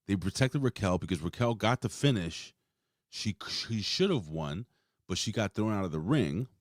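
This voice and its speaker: A man with a low, deep voice that swings widely in pitch, chatting about wrestling with a loose, profane, mocking humor. He sounds dry and close, with no room around him. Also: animated, moderate pace, dry recording. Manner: profane, joking, mocking impressions. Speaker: co-host. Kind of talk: casual wrestling review chat.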